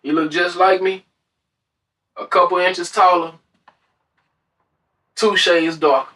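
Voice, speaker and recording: A man with a somewhat high voice talks in a relaxed, joking way. He asks short questions and tells his own story. He is picked up from a distance. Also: slow. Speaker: friend asking questions. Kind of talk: casual chat. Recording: distant from the mic.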